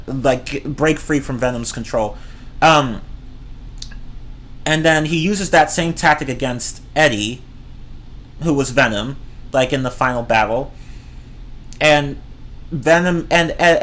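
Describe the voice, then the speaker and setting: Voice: medium pitch, fairly bright tone. A streamer ranting casually about movies, rambling and swearing, often breaking into laughter. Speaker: streamer reviewing films. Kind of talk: casual rant.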